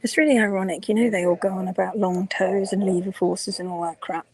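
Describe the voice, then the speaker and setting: Woman, croaky gravelly voice, half-whispered live-stream chat, talking to her phone. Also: mid-range voice, fairly even intonation, brisk, darkish tone, low-quality recording. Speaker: hoof care instructor and vlogger. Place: workshop ante room near a presentation.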